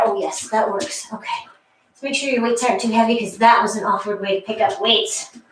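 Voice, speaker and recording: A woman's voice: fairly high pitch, slight background noise. Breathless woman leading a workout, echoey. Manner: encouraging, counts reps, chatty asides. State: slightly out of breath. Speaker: fitness instructor. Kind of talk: guided workout class. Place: exercise room with a wall. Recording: echoey room, mic far off.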